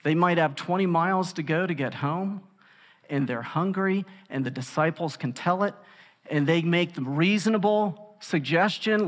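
A man preaching a sermon to a gathered audience, casual and conversational with emphatic, animated rises. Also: fairly high pitch, moderate pace, long reverb tail. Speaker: pastor. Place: large room with an audience.

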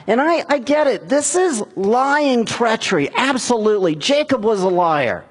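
A middle-aged man preaching a sermon, retelling a scripture story and giving the characters' lines in a raised, animated voice. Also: extremely high pitch, moderate pace, few pauses, slightly rough. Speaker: pastor.

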